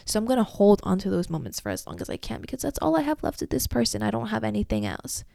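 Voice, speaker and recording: A woman's voice: mid-range voice, huge pitch swings, fast, gravelly, darkish tone, no echo, studio quality. A young woman in her twenties hosting a solo podcast, talking candidly and emotionally about a breakup and swearing freely. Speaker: podcast host.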